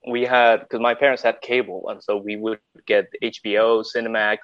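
A man from Honduras, a teacher, chatting on a podcast, animated and full of "like". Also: lowish voice, moderate pace, no echo. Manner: chatty, animated storyteller, says "like" a lot. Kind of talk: casual podcast chat. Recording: dull lo-fi audio, dry.

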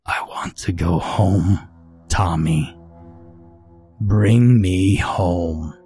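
A man voicing a male ghost with a light, raspy voice, pleading slowly and calmly with quiet anger beneath. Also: deep voice, soft background music. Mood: calm menace. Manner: slow, calm, pleading. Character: ghost of a drowned-sounding lost boy, pleading, quietly angry.

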